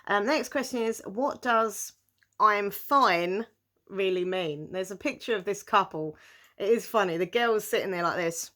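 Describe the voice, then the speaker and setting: A young British woman answers viewer questions while chatting casually to camera, giggling often and using many fillers. She has a British English accent, a mid-range voice, and a normal speaking speed.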